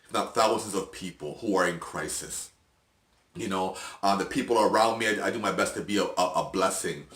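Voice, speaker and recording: A middle-aged man sharing his personal testimony in an earnest, halting, emotional way, with restarts and soft laughs. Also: sits low, reverberant. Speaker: video host.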